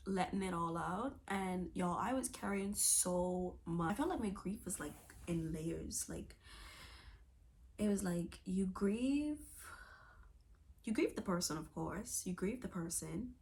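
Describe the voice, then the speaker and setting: A woman's voice: on the low side, measured pace, a little mellow, a little hiss or hum. Earnest young woman sharing a testimony. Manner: candid, searching for words, many fillers and restarts; earnest and emotional. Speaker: testimony speaker. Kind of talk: personal testimony vlog.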